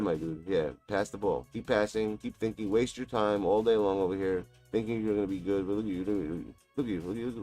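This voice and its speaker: Low-voiced man trash-talking mid-game. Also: quick pace, hardly any pauses, warm tone, soft background music. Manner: taunting, mocking, profane. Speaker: gaming streamer. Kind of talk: live gameplay trash talk.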